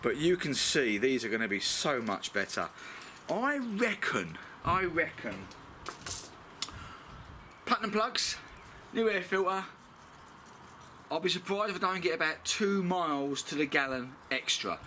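A man's voice: on the high side, lively intonation, moderate pace, pushed and bright. Chatty British man, noisy recording. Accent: British English. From Britain. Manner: chatty, blunt and swears freely. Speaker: DIY car mechanic vlogger. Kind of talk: casual how-to commentary.

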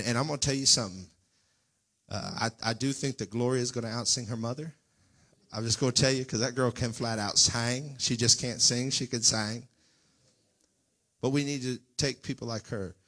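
A pastor delivers a folksy, fervent Pentecostal sermon in a church sanctuary, addressing the congregation directly and at times lifting into near-sung cries. His mid-range voice is a bit bright, fairly even in intonation, at a moderate pace.

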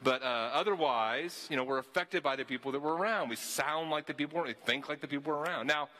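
A man's voice: a little high, fast talker, pushed and bright. A man from the Southern US preaching a sermon with a slight Southern accent, earnest and often repeating words as he restarts his phrases. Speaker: pastor.

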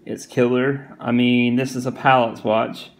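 A man's voice: medium pitch, flat delivery, a little slow, poor audio. A man with a Southern US accent giving a casual, rambling product review, full of fillers and repeated phrases. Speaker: watch reviewer.

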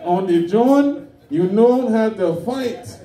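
A man voicing a stern older African father with a put-on African accent, slow and lecturing. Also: high-pitched, expressive, warm tone, reverberant, distant mic, pitched above the performer's own voice.

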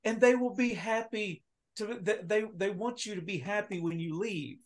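High-voiced, measured man. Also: crowd noise. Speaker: podcast panelist. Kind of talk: casual chat.

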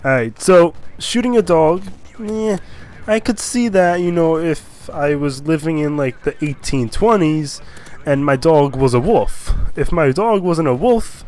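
A young man who sounds a bit sick reads out odd laws as an online commentator, his voice on the high side, animated, unhurried, and a little mellow. He rambles and jokes, with lots of fillers, goofy asides, and silly voices.

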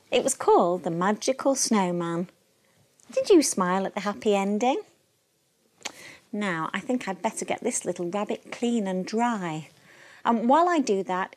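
A woman gently reading a children's bedtime story aloud in a soothing, expressive way. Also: medium pitch.

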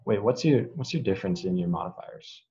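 A man's voice: on the low side, expressive, mellow. A young man acting as game master for a tabletop game, talking casually and laughing as he makes up rules. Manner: casual, quick to laugh, improvising rules on the fly. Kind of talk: running a tabletop game over a video call. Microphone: video call. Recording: muffled video-call audio.

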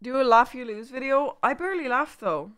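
Casual irish girl ranting to chat, bright tone, a bit high, swears a lot. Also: animated, brisk, clear, resonant tone. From Ireland. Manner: blunt, heavy swearing, rambling asides to chat. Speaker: livestreamer.

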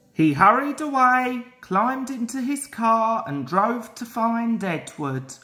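A woman reading a children's train story aloud in a slow, lively storytelling cadence. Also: medium pitch. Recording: roomy echo.

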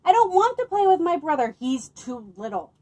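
A woman's voice: sits high, big pitch swings, normal speed, warm tone, voice pushed up. A woman voicing a young boy who wishes his little brother were a dragon, in a whiny, wishful way, while reading a picture book aloud.

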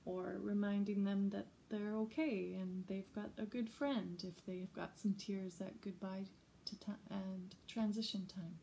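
Her voice is mid-range, mellow and soft-edged yet slightly gravelly, held at a steady tone as she speaks slowly and gently. This early childhood music teacher chats unhurriedly with teachers and parents about classroom ideas, like a friendly workshop, slipping in short sung examples. A little hiss or hum is audible.

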